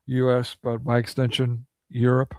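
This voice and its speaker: A man's voice: mid-range voice, completely flat delivery, moderate pace, darkish tone, no echo. A man delivering a ranting monologue of political commentary, indignant and full of rhetorical questions.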